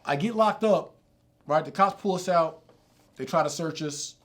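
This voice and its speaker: A middle-aged man telling a streetwise, profane story from his life as a sermon, dropping low and quiet, then rising loud and high. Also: moderate pace.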